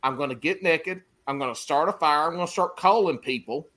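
A man hosting a casual chat, joking loudly and swearing freely. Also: fairly high pitch, brisk. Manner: loud, joking, profane.

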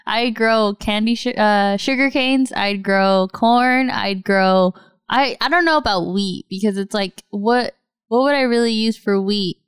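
A woman chatting casually and telling stories with lots of animation, filling her talk with "like" and jumping up in pitch when she quotes friends. Her voice is smooth and clear, and it sounds dry and close to the mic. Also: measured pace, no echo. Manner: animated storytelling, lots of "like", acts out quotes in a higher voice. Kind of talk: casual chat.

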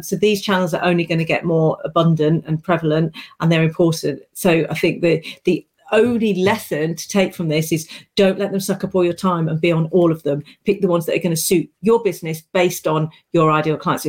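A woman's voice: fairly low pitch, darkish tone. A woman co-hosting a podcast, giving business advice in a chatty way. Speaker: podcast co-host. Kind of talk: casual chat.

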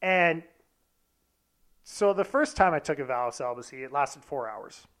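Brief: young man, candid and profane, slightly higher voice, casual anecdote. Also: expressive, moderate pace, a bit bright. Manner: candid, profane, self-deprecating. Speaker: storyteller.

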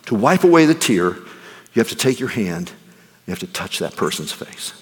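A male pastor preaching a sermon. He swings between ringing exclamations and hushed, near-whispered passages. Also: lowish voice, sing-song, normal speed. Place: church sanctuary. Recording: long reverb of a large hall.

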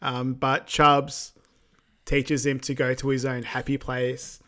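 A man co-hosting a podcast, recapping a film in a relaxed, agreeable way with many ums and yeahs. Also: mid-range voice, slow. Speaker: podcast co-host. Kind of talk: casual chat recapping a film.

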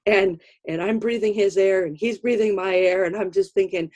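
A woman's voice: mid-range voice, moderate pace, hardly any pauses. A middle-aged woman hosting a podcast, telling stories in casual chat and laughing often. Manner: animated storyteller, laughs often. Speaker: podcast host.

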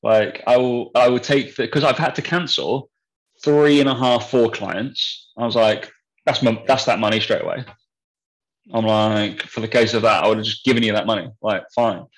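A young man co-hosting a podcast chats casually, telling a story bluntly and swearing freely. His voice is mid-range with a steady tone and normal pace, and the recording is rough.

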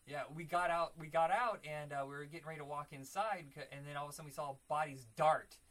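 A man who talks fast in a bright, forceful voice that sits a bit high. He co-hosts a casual chat, animated and swearing freely. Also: poor audio. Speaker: podcast co-host.

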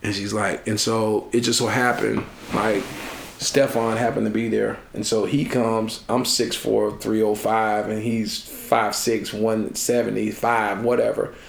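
A man being interviewed, telling a personal story in a lively way and acting out the voices of the people in it. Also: fairly low pitch, unhurried, vocal fry. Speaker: interview guest. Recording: echoey room.

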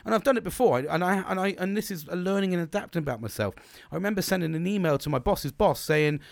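Fast and expressive, this British man has a high, gravelly voice captured with studio quality and no room sound. His unscripted vlog monologue is blunt and peppered with swearing and false starts, and he describes himself as bolshy and gobby with no filter.

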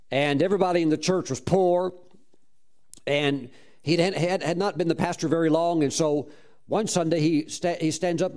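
A man with a fairly high voice preaches through a folksy story. His delivery is animated and loose, full of restarts, and he breaks out in laughter and whoops along the way. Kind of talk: storytelling sermon.

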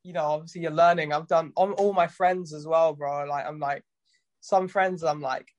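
High-voiced man telling stories. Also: fairly even intonation, moderate pace. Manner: loose storytelling, swears, acts out dialogue. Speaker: tattoo artist guest. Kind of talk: casual interview chat.

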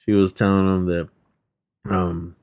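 A man's voice: level tone, unhurried, a little mellow, clear, resonant tone. A man co-hosting a podcast, casually retelling movie scenes, laughing a lot and acting out quotes in a raised voice. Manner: laughs constantly, acts out quotes in a high voice. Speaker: podcast co-host. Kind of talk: casual movie recap chat.

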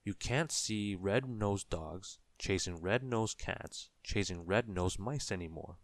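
A man reading a children's story aloud in a gentle, measured way. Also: sits low, dry recording.

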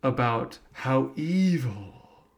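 A man with a mid-pitched voice gives dry, critical remarks on a film's storytelling. He speaks plainly in a podcast chat. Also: lively intonation, very slow, creaky. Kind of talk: casual movie review chat.

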